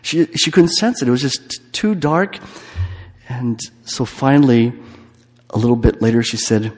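Male priest, retreat homily, storytelling with repetition, mid-pitched voice, long church reverb. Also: expressive, normal speed, a little mellow.

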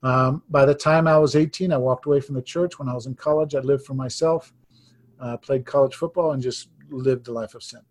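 A husky-voiced man in his fifties preaches to a congregation, telling his story in earnest. His voice drops to a near hush and then rises with emphasis. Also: medium pitch, fairly even intonation, a little fast. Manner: earnest storytelling, swings between hushed and emphatic. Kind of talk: sermon testimony.

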